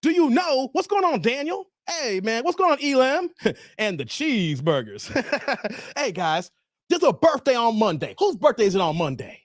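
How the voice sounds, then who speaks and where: A man, hosting a casual livestream and chatting hyped with viewers, laughing and shouting them out. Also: very high voice, big pitch swings, moderate pace, no room sound, clean studio sound. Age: 40s. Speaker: livestream host. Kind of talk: casual livestream chat reading viewer comments.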